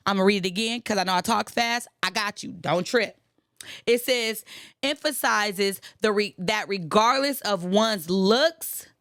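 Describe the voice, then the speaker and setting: Woman, motivational speaker, emphatic and repetitive, slightly high voice, dry sound. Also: dry recording. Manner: fast, emphatic, repetitive call-and-response with the audience. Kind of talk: preaching-style motivational talk.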